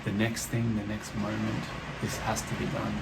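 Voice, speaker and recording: A man hosting a reflective solo podcast, talking slowly and thoughtfully, swearing casually, indoors with heavy rain outside. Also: on the low side, completely flat delivery, vocal fry, very noisy. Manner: slow, musing, swears casually. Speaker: podcast host. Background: rain ambience.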